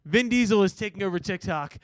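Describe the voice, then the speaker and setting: Chatty smooth-voiced man, dry close mic. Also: high-pitched, lively intonation, fairly quick, no room sound. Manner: jokey, swears freely, acts out quotes. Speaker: podcast host. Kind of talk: casual chat.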